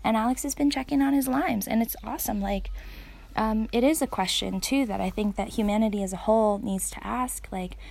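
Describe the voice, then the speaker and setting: A woman's voice: a little high, brisk, creaky, darkish tone. A woman in her thirties, a parent, talking outdoors in a casual reflective way, earnest and thoughtful, with fillers and restarts.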